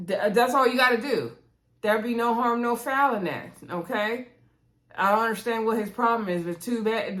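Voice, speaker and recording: A woman's voice: medium pitch, a bit bright. Woman, reality show recap host, casual, chatty, mid-range voice, acts out quotes.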